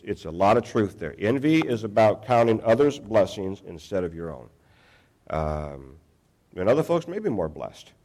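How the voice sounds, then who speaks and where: Older male pastor, low voice, chatty sermon delivery with restarts. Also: a little mellow. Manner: conversational, self-deprecating, frequent restarts.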